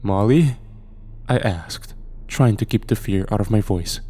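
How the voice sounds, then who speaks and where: A man reading a first-person horror story aloud in a measured, steady storytelling manner. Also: fairly low pitch, breathy edge. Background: faint background music.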